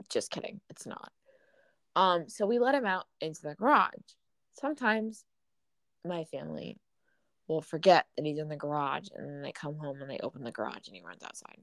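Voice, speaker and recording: A young woman with a lowish voice chats casually and spins a story at an easy pace. She leans on fillers like "um" and "like" as she goes. The sound is close and dry, with no room around it. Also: no room sound. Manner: relaxed storytelling, many fillers. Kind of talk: casual chat.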